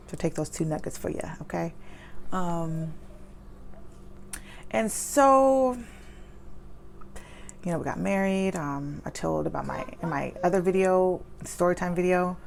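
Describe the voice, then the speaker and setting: A woman in her thirties, a mother, telling a personal story at home in a candid, chatty way with lots of fillers, speaking fast. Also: sits low, gravelly, slight background noise. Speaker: vlogger. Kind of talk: personal story time, advice to viewers. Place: home with children nearby.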